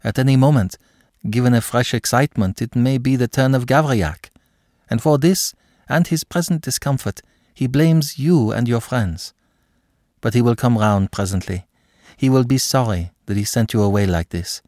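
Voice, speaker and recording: A man voicing an earnest young woman who pleads eagerly and warmly for a friend. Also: medium pitch, moderate pace, dry recording, clean studio sound, pitched above the performer's own voice, natural voice. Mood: pleading.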